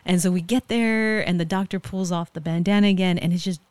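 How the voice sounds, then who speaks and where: A woman's voice: lowish voice, steady tone, fairly quick, a little mellow, clean tone, no echo. A woman from California telling stories in a casual interview, chatty and quoting others as she goes. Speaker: guest, forensic investigator.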